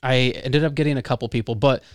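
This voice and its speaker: Male podcast host, mid pitch, relaxed rambling chat, dry home studio. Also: quick pace, no room sound. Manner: relaxed, rambling, heavy on filler words. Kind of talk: casual interview chat.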